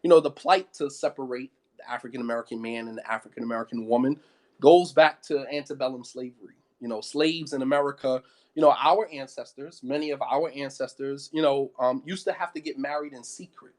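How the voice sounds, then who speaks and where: A man's voice: medium pitch, brisk, a little mellow. A man giving an impassioned sermon, firing off rhetorical questions and repeating phrases for emphasis. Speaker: preacher.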